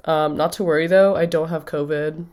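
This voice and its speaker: A young woman hosting a casual radio show, stuffy with a cold, talking with vocal fry and rambling with lots of fillers. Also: deep voice, fairly even intonation, normal speed, darkish tone. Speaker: radio host. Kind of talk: casual chat.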